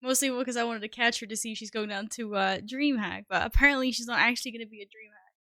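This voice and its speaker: Woman streamer rambling to chat, bit high voice, dry close mic, swears a lot. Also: fast talker, bright, forceful tone, dry recording. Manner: scattered, self-deprecating, swears often. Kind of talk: casual live-stream chat.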